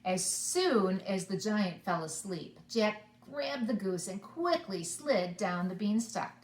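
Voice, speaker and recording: Animated preschool teacher reading aloud. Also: female voice, mid-range voice, takes it slowly, roomy sound. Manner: animated, asks the children along. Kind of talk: storybook reading for children.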